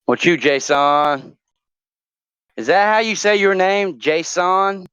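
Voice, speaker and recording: Man, chat show host, rambling jokey talk, smooth voice, slightly dull sound. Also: high-pitched, lively intonation, a little fast, fairly bright tone, dry recording. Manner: rambling, joking, many fillers. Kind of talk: casual chat, asking would-you-rather questions.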